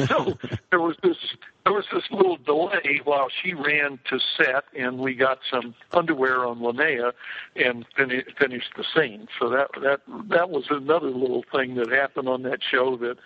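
A man's voice: medium pitch, lively intonation, moderate pace. Older man telling stories over a tinny line. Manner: rambling, many fillers and restarts. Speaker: film director interviewee. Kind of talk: casual anecdotal storytelling.

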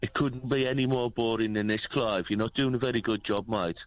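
A man's voice: medium pitch, steady tone, fairly quick, poor audio. A man calling into a radio phone-in, cheeky and mocking, laid-back as he needles the host. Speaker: radio caller. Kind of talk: prank phone-in call.

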